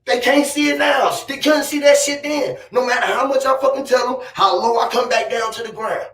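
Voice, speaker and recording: High-voiced man ranting boastfully, roomy. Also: fairly quick, a bit bright, distant mic. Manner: boastful, profane, rambling and emphatic. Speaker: vlogger. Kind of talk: casual rant to camera. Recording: roomy echo, off-mic.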